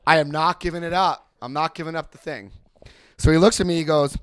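A man telling a personal story to a group, acting out both sides of a remembered conversation and swinging between loud lines and hushed asides. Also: a little high, steady tone, a little fast, no echo. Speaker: recovery speaker sharing his story. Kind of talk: storytelling talk.

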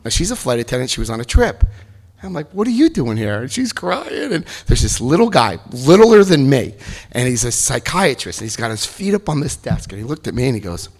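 A middle-aged man giving a comic talk about his recovery, animated and breaking into loud acted-out quotes. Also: mid-range voice, brisk. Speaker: speaker sharing his recovery story.

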